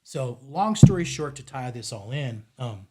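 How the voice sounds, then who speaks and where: A man's voice: mid-range voice, a little slow. A man in his forties who owns a fly shop and guides fishing trips, telling a story casually on a podcast and acting out the dialogue. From United States. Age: 40s. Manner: animated, acts out quoted dialogue, drops to near-mutter at times.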